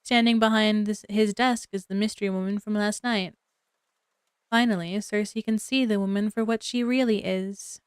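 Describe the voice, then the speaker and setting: A woman streamer reading a story game aloud, with animated, chatty asides to her viewers. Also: mid-range voice, moderate pace, clean tone, no room sound, studio quality. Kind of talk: reading a visual novel aloud to chat.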